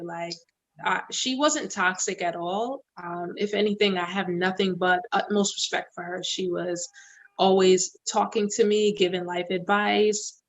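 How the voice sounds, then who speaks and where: A woman co-hosting a podcast, talking frankly and reflectively about her own parenting. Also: mid-range voice. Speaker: podcast co-host. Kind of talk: casual chat.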